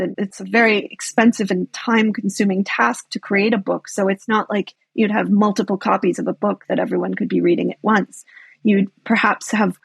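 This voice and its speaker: A woman's voice: medium pitch, vocal fry, husky, no room sound. A woman guest on a history podcast, explaining things thoughtfully and often saying "sort of". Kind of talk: podcast interview.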